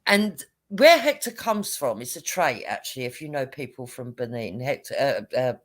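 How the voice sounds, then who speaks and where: Una mujer británica de mediana edad que cuenta una anécdota de forma informal e intercala risas y alguna palabrota en un programa de debate en directo. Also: female voice, a bass voice, moderate pace. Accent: British English. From Britain. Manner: lively storytelling, laughs often, swears casually. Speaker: panel guest. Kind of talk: casual anecdote on a live panel show.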